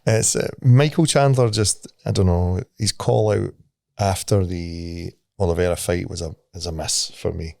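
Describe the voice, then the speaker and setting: A man's voice: low-pitched, fairly even intonation, moderate pace, gravelly, mellow, no room sound, studio quality. A Scottish man co-hosting a podcast in casual chat, swearing freely and laughing at his own stories. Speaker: podcast co-host.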